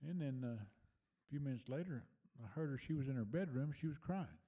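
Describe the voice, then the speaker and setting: An older man with a drawl tells a memory from his past in a relaxed, rambling way, circling back with fillers and restarts. His voice sits very dark and mellow, at a middling pitch. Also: fairly quick. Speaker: storyteller sharing memories. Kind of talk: casual personal storytelling.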